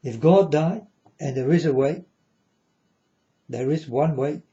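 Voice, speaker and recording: Guy talking slow and earnest to his viewers, dark mellow voice, a bit high, halting broken phrasing, muffled lo-fi sound. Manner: earnest, repetitive, halting non-native phrasing. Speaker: vlogger addressing viewers. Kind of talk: rambling monologue to viewers.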